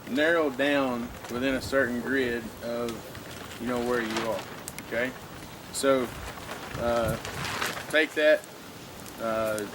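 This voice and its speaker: A man with a Southern US accent teaching land navigation to a class, folksy and full of questions to the room. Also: mid-range voice. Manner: folksy, asks the room questions, many "you know" and "okay". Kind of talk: informal classroom lecture. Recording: noisy room recording.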